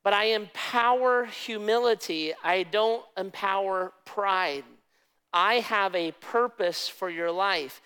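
An urgent, pleading Jesus, as a preaching man puts him on speaks from within a sermon. The voice rises a little higher than the preacher's own and stays earnest and insistent. Its tone remains smooth and clear throughout. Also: slow pace, bright, forceful tone, in a large hall, heavily acted.

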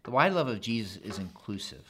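A man preaching a sermon in a conversational, animated way, building to emphatic repetition. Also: lowish voice, brisk, a little hiss or hum. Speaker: pastor.

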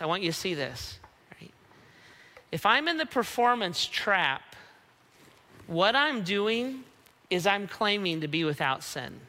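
A man preaching a sermon, relaxed and conversational, who often checks in with the listeners by asking "right?". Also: sits high, unhurried, pauses often, big-room sound. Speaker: pastor.

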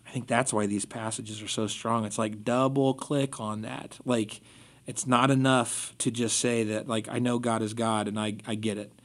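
Relaxed male pastor talking scripture. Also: on the low side, moderate pace. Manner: relaxed, explains scripture with everyday examples. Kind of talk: casual church podcast discussion.

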